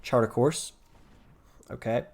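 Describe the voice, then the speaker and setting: A man's voice: medium pitch, slow pace, creaky, a little mellow. A man giving casual commentary over his own card game, rambling and thinking aloud with fillers, yawning and a bit tired. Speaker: gameplay commentator.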